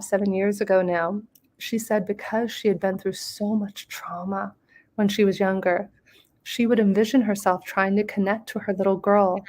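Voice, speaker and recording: A middle-aged woman, a guest author, talking in an enthusiastic, expressive way in a motivational interview and often breaking into laughter. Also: mid-range voice.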